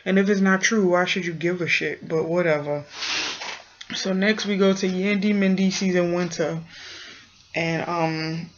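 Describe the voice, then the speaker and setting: A woman's voice: lowish voice, steady tone, unhurried, slight background noise. A woman giving a blunt, sassy, slang-heavy casual recap of a TV episode. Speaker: TV recap vlogger. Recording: muffled lo-fi recording.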